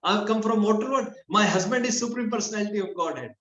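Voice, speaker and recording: A man voicing a proud young queen who angrily defends her husband with a shrill, rapid, scolding outburst. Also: a bit bright, recorded from a distance, natural voice. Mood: indignant. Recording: dull, roomy lo-fi recording.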